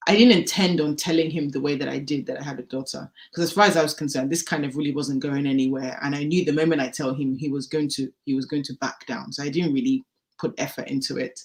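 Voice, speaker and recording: A woman telling her personal story as a podcast guest, candid and animated, acting out the dialogue she recalls. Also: low-pitched, fast. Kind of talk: personal testimony in a podcast interview.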